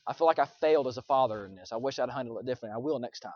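A young man preaching, telling a personal story in an earnest, confessional way that swings from loud to hushed. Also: medium pitch, rapid-fire, no room sound, muffled recording. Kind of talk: sermon illustration.

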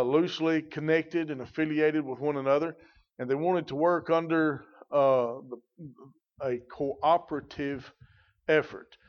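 Folksy preacher, dull recording. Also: male voice, a little high. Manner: folksy, rambling storyteller with frequent fillers. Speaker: pastor. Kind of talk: sermon.

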